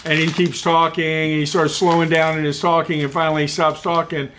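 A man's voice: fairly quick, background noise. A middle-aged man co-hosting a podcast, telling a story in casual chat and acting out the people in it. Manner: animated, acts out quoted voices with rising pitch. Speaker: podcast co-host.

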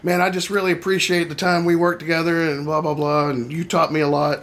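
A man's voice: fairly high pitch, little pitch movement, a little fast, a bit bright. A middle-aged man and car salesman, co-hosting a casual chat and prompting with questions. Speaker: podcast co-host, car salesman.

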